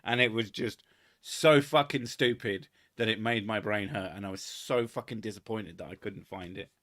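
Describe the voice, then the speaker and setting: A man's voice: on the low side, moderate pace, a bit bright. A young man, hosting a casual comedy chat in a crude, sarcastic manner full of swearing. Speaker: podcast host.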